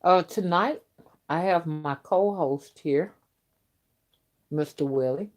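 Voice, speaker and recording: A woman with a somewhat low voice hosts a loose late-night livestream. She talks in a chatty, emphatic way while chewing gum. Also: slow pace, darkish tone. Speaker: host of a spiritual channel.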